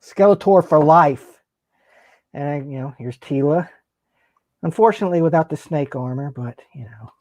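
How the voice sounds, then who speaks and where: A man's voice: a little high, normal speed, long pauses, darkish tone, no echo. A man co-hosting a casual podcast chat, talking in an easygoing, hesitant way with many fillers. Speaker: podcast co-host.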